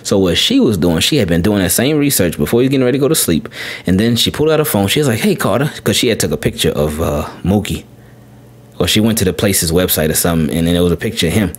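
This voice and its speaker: A man with a somewhat low voice tells a family story on his podcast in a relaxed, rambling way. He circles back and repeats words, and his pitch jumps up sharply whenever he quotes his little boy. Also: fast, breathy edge. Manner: rambling, repeats words, animated when quoting his son. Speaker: podcast host. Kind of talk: casual storytelling.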